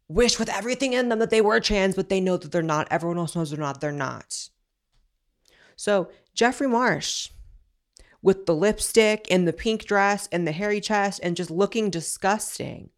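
Blunt, ranting woman commentator. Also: lowish voice. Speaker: commentary show host. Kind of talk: opinionated commentary.

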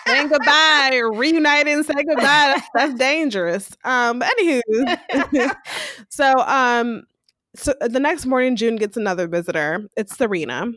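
A woman's voice: high-pitched, unhurried, a bit bright, no echo, clean studio sound. A woman co-hosting a podcast, chatting casually as she recaps a show and acts out quotes with frequent laughs. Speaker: podcast co-host.

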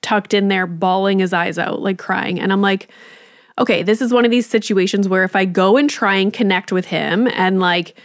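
A woman's voice: medium pitch, normal speed, no echo, clean studio sound. A woman in her thirties hosting a podcast, telling a casual story with frank swearing and lots of "like". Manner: candid, swears freely, lots of "like". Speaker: podcast host.

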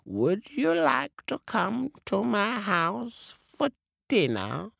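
A man's voice: high-pitched, wildly swooping pitch, slow, gravelly, fairly bright tone, no echo, clean studio sound, pitched above the performer's own voice, heavily acted. A man playing a sly, greedy storybook cat. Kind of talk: storybook narration.

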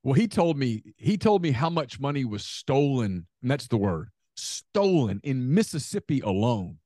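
Animated man ranting on a podcast. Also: mid-range voice, normal speed, no echo, studio quality. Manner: heated ranting with stammered repeats. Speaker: podcast co-host. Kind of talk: casual podcast chat.

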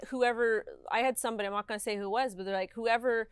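Woman guest, 30s, mid pitch, dry close sound, candid and emphatic, peppered with "like". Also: rapid-fire, clear, resonant tone, no echo. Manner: emphatic, animated, heavy use of "like". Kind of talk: candid conversational interview.

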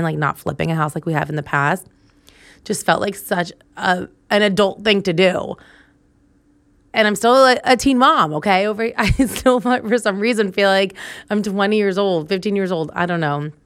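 A woman's voice: medium pitch, normal speed, a bit bright, dry recording. A young woman hosting a solo podcast, telling a story in a chatty way and laughing often. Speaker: podcast host.

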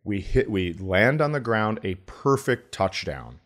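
A man co-hosting a comedy podcast, telling a profane travel story with loud impressions. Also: fairly low pitch, very animated, a little slow. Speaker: podcast co-host.

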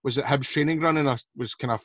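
A man's voice: medium pitch, fast talker, fairly bright tone, no echo. Laid back scottish guy cracking jokes on a podcast, dead dry sound. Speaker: podcast co-host. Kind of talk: casual football chat.

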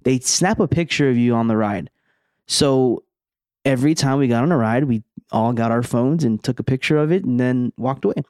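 A man's voice: mid-range voice, moderate pace, a little mellow, no room sound, clean studio sound. A young man co-hosting a podcast, telling stories in a laid-back way full of slang. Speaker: podcast co-host. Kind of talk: casual chat.

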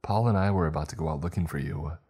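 A man voicing a warm, caring middle-aged foster mother in a spoken horror story, with his voice lifted a little and gently motherly. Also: extremely low pitch, quick pace, slightly rough, full character voice. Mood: chiding.

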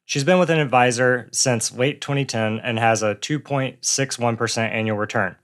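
A male co-host reads a listener's letter aloud on a casual podcast. His voice is partly gone, and his delivery is relaxed. He speaks at a medium pitch. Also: normal speed. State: partly lost voice. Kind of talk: casual finance podcast chat.

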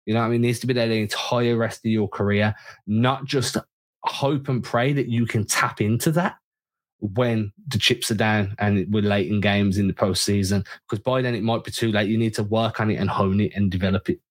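A man co-hosting a casual sports podcast, talking in an animated, opinionated way with frequent restarts. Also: fairly low pitch, brisk. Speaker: podcast co-host.

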